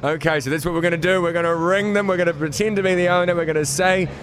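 A man's voice: high-pitched, racing, fairly bright tone. Playful New Zealand man radio host. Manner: playful, prank-calling. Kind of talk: casual radio chat.

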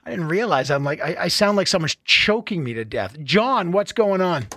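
High-pitched, playful radio host man. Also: moderate pace. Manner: playful, laughing, animated banter. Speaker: radio talk show host. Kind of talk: call-in talk radio.

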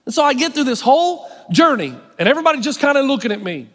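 Male pastor, sermon, high voice, dry self-mocking humor, long hall reverb. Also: very animated, fairly bright tone. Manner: emphatic preaching with slowed key phrases.

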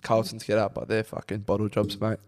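A young man co-hosting a casual podcast chat, animated, swearing and laughing often. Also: on the low side, fast talker. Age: young adult. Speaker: podcast co-host.

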